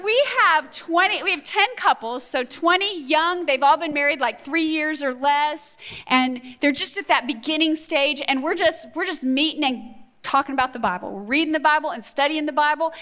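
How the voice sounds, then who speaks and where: A woman's voice: high-pitched, a bit bright. A middle-aged woman giving a conversational, earnest teaching talk at a women's conference, telling stories and asking the audience questions. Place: conference hall before a live audience.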